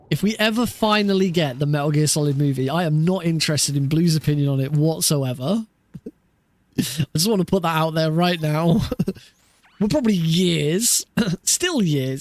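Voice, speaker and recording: A man's voice: on the high side, no echo. A man streaming a speedrun practice, chatting casually with viewers, laughing often and swearing freely. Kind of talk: casual live-stream chat.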